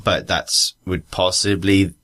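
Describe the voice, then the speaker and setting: A man's voice: low-pitched, little pitch movement, slow, fairly bright tone. A man co-hosting a casual podcast chat, talking his thoughts through with restarts and fillers. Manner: rambling, self-correcting, thinking aloud. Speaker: podcast co-host.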